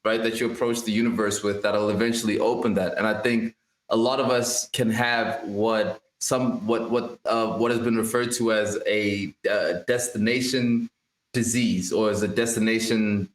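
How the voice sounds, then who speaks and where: A man's voice: lowish voice, steady tone, normal speed, roomy sound. A man co-hosting a casual podcast, talking with energy about life and mindset, mixing in street slang. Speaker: podcast co-host.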